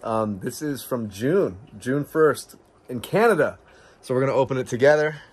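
A man hosting a casual vlog, opening a viewer's gift and reading her letter aloud, bursting into excited exclamations and stumbling over words as he reads. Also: mid-range voice, moderate pace, breathy edge. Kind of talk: casual chat to camera.

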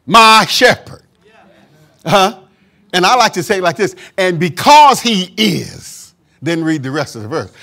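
A man's voice: on the high side, pushed and bright. A man preaching a sermon as pastor, emphatic, with call-and-response asides and acted-out voices of doubters. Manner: acts out quoted voices of doubters.

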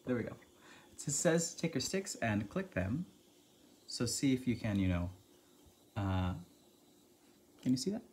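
A man's voice: medium pitch, sing-song, measured pace, long pauses, darkish tone, slight background noise. A man teaching an online music lesson to children, upbeat and chanting rhythm syllables aloud.

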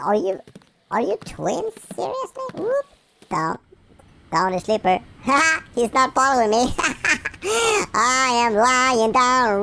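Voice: mid-range voice, vocal fry, a bit bright, slight background noise. A gameplay commentator talking through a game in a playful way, with silly sound effects, made-up words and sudden yelps. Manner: yelps and shrieks when startled.

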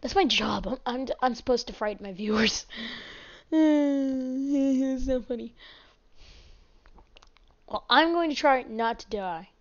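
A woman's voice: a little high, normal speed. A woman giving rambling, chatty let's play commentary as a gaming host, often apologizing. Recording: dull lo-fi mic.

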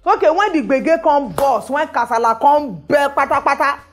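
Lively high-pitched Nigerian Pidgin woman. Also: moderate pace, faint music behind. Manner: emphatic, exclamatory, rhetorical questions. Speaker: show host. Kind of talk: social commentary monologue.

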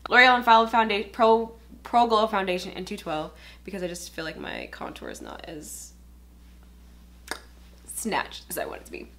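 A woman's voice: mid-range voice, big pitch swings, normal speed, gravelly, fairly bright tone, a little hiss or hum. A woman chatting casually while doing her makeup, rambling with lots of fillers and openly emotional. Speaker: beauty vlogger. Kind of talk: casual get-ready-with-me chat.

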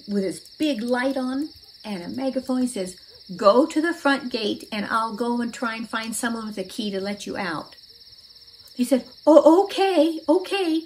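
A woman telling a children's Bible story aloud, asking her listeners questions and acting out the characters' shouts. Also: a little high, slight background noise, rough recording.

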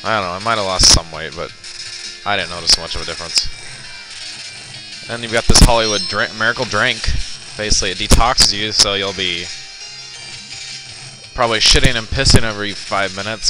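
With a fairly low, brisk voice, this young man narrates his gameplay in a loose, profane ramble and curses a lot as he loses. A crackly, boosted computer mic picks him up, and loud game music plays behind him.

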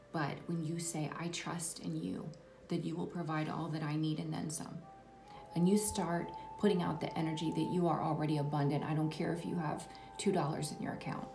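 A woman reads tarot in a spiritual vein, her soft, reassuring voice often dropping to a whisper. Her voice sits low with a gravelly fry, and she sounds far from the mic in an echoey room with steady background noise.

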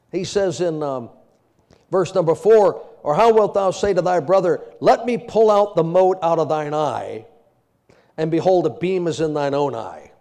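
High-pitched, animated male preacher. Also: a little slow. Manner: humorous, animated storytelling with frequent laughter; quotes scripture in old-fashioned wording. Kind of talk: sermon.

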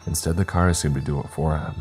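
A man narrating a horror story in a measured storytelling manner. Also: rumbling low, fairly even intonation, darkish tone. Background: faint music.

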